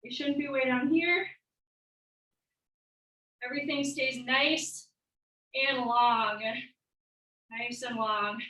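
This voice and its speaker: A woman's voice: sits high, fairly even intonation, slow, long pauses, bright, forceful tone. A young woman fitness coach leading a live workout class, calling out encouraging cues and countdowns while a little out of breath. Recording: echoey room, from far off.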